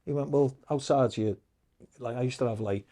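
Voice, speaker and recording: A middle-aged man, a podcast guest telling lively, profane anecdotes in casual storytelling. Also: mid-range voice, moderate pace. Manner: swears freely, lively anecdotes.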